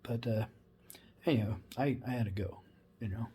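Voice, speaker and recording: A man's voice: lowish voice, normal speed, warm tone, slight background noise. A former wildland firefighter, a man, tells a funny story in a laid-back, rambling way with many asides. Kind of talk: casual humorous storytelling.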